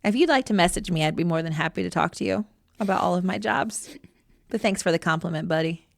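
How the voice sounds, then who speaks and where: A woman's voice: lowish voice, fast talker, creaky, dry recording, clean studio sound. Playful laughing female podcast co-host. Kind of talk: casual local podcast chat.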